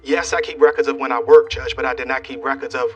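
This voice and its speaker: A man pleading his case in a TV courtroom, talking fast and earnestly while deferring to the judge. His voice is a little husky and sits far from the mic. Faint music runs underneath. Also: mid-range voice, steady tone, dull audio. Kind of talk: courtroom testimony.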